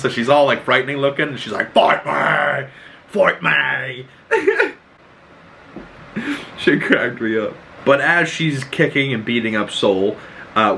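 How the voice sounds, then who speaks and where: A man hosting a podcast, recapping a show in excitable casual chat, swearing freely and acting out the scenes. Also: mid-range voice, slight background noise, low-quality recording. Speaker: podcast host.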